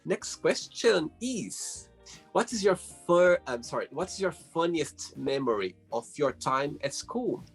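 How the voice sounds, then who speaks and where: A man's voice: on the high side, big pitch swings, slow pace, soft background music. A man hosting an interview over a video call, reading questions aloud and laughing often. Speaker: host. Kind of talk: casual interview chat.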